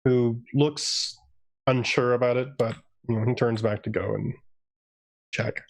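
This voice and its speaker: A man's voice: mid-range voice, steady tone, a little slow, gravelly. Guy running a tabletop game on stream, rambly, lots of ums, mid voice. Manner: casual, rambling, full of ums and laughs. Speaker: game master. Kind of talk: narrating a tabletop game livestream.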